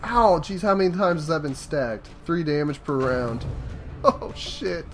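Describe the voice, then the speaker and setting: A man hosting a let's play, giving casual gameplay commentary and swearing loudly at setbacks. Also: a little high, expressive, moderate pace, faint music behind.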